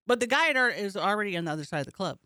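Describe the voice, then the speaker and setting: A woman's voice: mid-range voice, no echo, studio quality. A woman comedian co-hosting a casual podcast, telling a story with energy and acting out the people in it. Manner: animated storytelling, acts out the people she talks about.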